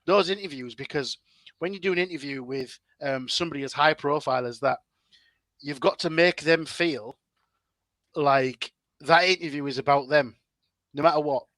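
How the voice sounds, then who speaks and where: A man's voice: a little high, moderate pace, a bit bright, no room sound. A man, chatting as a guest content creator in a casual interview, full of fillers and restarts.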